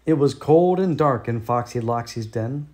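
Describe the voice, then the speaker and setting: A man with an American accent reading a children's storybook aloud in a lively, expressive way. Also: mid-range voice, moderate pace.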